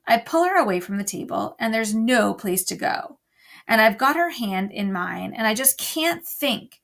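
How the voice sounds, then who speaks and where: Woman with a gravelly reading voice. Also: fairly high pitch, normal speed. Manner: expressive storytelling. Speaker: teacher. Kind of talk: reading a novel aloud to an online class.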